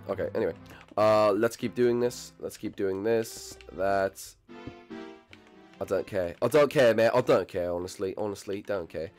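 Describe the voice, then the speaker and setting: Playful teasing man with game music. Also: moderate pace. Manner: playful, teasing, jumpy swings in pitch and loudness. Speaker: gaming channel host. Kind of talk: casual gameplay commentary.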